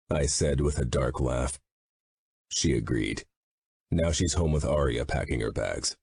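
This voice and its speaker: A man narrating an audiobook in first person, gruff and blunt, swearing freely. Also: extremely low pitch, a little slow, a little mellow, no echo.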